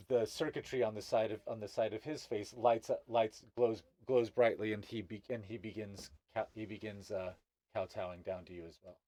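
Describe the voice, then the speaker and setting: A man's voice: on the low side, fairly even intonation, mellow, no room sound. Guy game master narrating, stumbles and restarts a lot, dry close mic. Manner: halting, lots of restarts.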